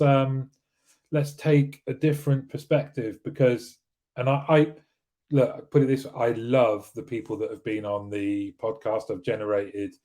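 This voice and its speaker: Reading out viewer comments on his weekly live show, a man talks in a loose, rambling way with frequent restarts and fillers. He has a warm tone and a mid-range voice.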